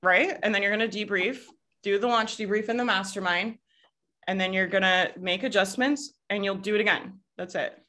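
A woman's voice: mid-range voice, normal speed, sharp tone. A woman with a Southern US accent coaching a group over a video call, talking casually, swearing now and then and laughing often. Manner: casual, laughs often, swears, quotes people in put-on voices. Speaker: business coach.

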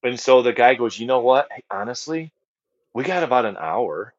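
A middle-aged American man, a guest ministry leader, shares his personal testimony on a podcast, earnest and heavy with fillers and repeated phrases. His mid-range voice has lively intonation and a normal speed, in dry, slightly dull podcast audio.

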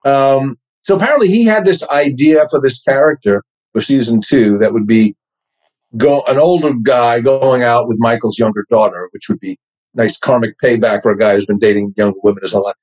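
A man in his sixties with a New York accent talks as a podcast guest, husky and slightly breathy in tone. He tells stories with wry, self-deprecating humor, at a middling pitch. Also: fairly quick, darkish tone, low-quality recording. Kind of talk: casual interview chat.

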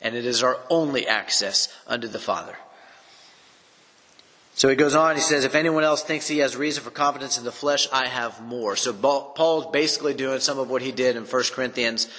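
An earnest man teaching through a Bible chapter in his own unscripted words, pressing his points by repeating them. His voice is bright and forward. It carries a long reverb, as if he speaks in a large room. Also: mid-range voice, a little fast.

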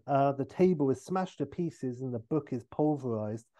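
A man on a comedy podcast narrating a comic film pitch, animated with many fillers. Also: moderate pace, no echo.

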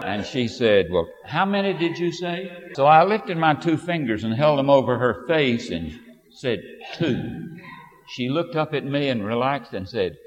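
An older man preaching a sermon, telling a family story in an unhurried, storytelling way with sudden bursts of emphasis. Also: mid-range voice, lively intonation. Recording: dull lo-fi audio with long hall reverb.

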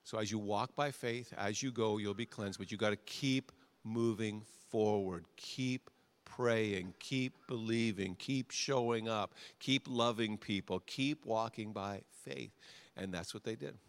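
A middle-aged male pastor preaching a sermon, repeating short phrases and swinging from quiet to loud. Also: lowish voice, a little slow, smooth.

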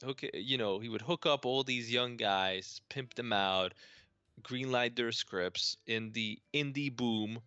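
A man's voice: mid-range voice, slow pace, pushed and bright, smooth, no echo, highs cut off. A man co-hosting a casual podcast discussion over a video call, blunt and wry, with a profane edge. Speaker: podcast co-host.

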